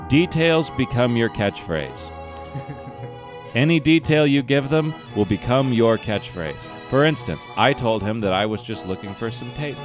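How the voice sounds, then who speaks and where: A young man co-hosting a comedy podcast, telling a profane, self-mocking story. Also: fairly low pitch. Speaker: podcast co-host.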